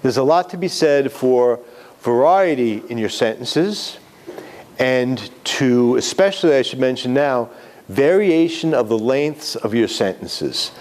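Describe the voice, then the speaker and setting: A writing instructor lectures his students in a medium-pitched, animated, somewhat dark voice at a measured pace. He keeps it conversational, corrects himself as he goes, and poses questions to the class.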